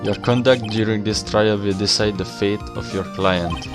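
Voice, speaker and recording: A man voicing a stern male judge, speaking formally and gravely. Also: fairly low pitch, steady tone, normal speed, music in the background, lightly acted.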